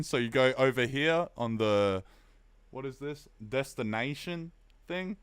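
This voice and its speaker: A young Australian man talks through his music production on a relaxed live stream, breaking off to chat and laugh. His voice is smooth and clear, at an ordinary pitch for a man, and the close mic gives a dry sound with no room echo. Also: unhurried. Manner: relaxed, chatty, reads chat aloud, laughs often. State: tired. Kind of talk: casual live-stream tutorial.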